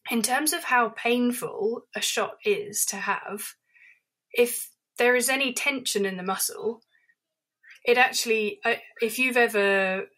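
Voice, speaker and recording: A woman's voice: fairly high pitch, measured pace, fairly bright tone. Thoughtful woman vet explaining. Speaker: veterinary surgeon guest. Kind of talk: interview conversation.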